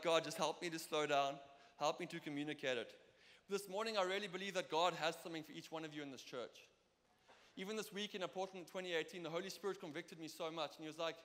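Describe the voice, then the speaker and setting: Young South African man, preacher; high, bright voice; lively storyteller; reverberant church hall. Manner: lively, storytelling, acts out dialogue. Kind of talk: sermon with personal stories.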